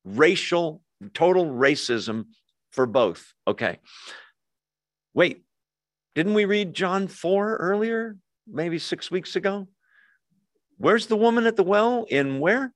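A man preaching a sermon, explaining a Bible passage in a conversational way with rhetorical questions and quick asides. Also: high voice, lively intonation, no room sound, studio quality. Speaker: pastor.

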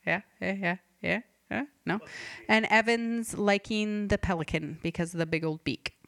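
A woman's voice: medium pitch, normal speed, creaky. A woman hosting a comedy podcast, rambling and forgetful, cutting herself off mid-thought. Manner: rambling, self-interrupting, forgetful. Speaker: podcast host. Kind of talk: deadpan comedic podcast monologue.

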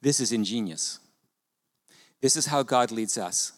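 A man preaching a sermon as pastor, animated and conversational, with rhetorical questions to the congregation. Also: mid-range voice, unhurried. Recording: long hall reverb.

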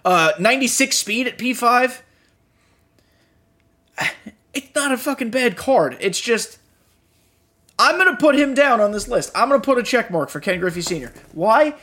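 Tired, high-voiced man ranting casually. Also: sing-song, normal speed, sharp tone. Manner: blunt and profane, frustrated asides. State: tired, yawning. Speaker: podcast host. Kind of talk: casual gaming commentary.

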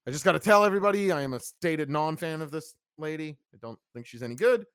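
A man's voice: on the high side, expressive, fast, fairly bright tone, clear, resonant tone, no room sound, studio quality. A man hosting a live wrestling review, blunt and opinionated, reading out chat comments. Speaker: wrestling review podcast host.

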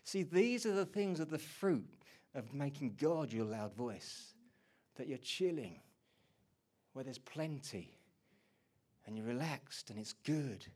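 Male pastor, sermon delivery, dynamic swings from soft to loud, mid-pitched voice. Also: expressive, slow pace, husky.

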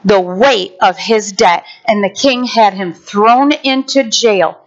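A woman preacher delivering a sermon with animated storytelling, acting out the characters. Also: medium pitch, takes it slowly. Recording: dull lo-fi sound.

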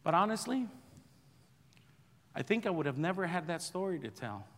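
Middle-aged male pastor, lively testimony, self-deprecating humor, slightly high voice, long church reverb. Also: normal speed. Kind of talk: sermon testimony storytelling.

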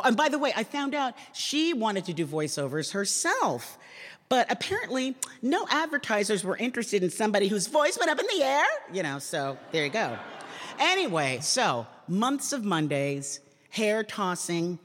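A woman comedian giving a talk, telling a wry, self-deprecating story to a live audience with lively jumps in pitch. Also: moderate pace. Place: large public hall. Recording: long reverb in a large hall.

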